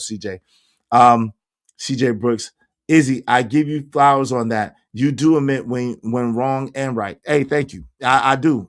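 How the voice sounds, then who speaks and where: Hoarse man hosting a livestream chat. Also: mid-range voice. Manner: animated, shouting out viewers by name. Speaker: livestream host reading chat.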